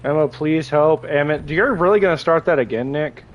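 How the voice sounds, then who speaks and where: A young man with a somewhat high-pitched voice chats on a gaming livestream. He rambles, jokes crudely, and talks straight to his viewers, often restarting his sentences. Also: moderate pace. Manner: crude, joking, chats with viewers while playing; rambling with frequent restarts and laughter. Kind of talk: casual gaming livestream chat.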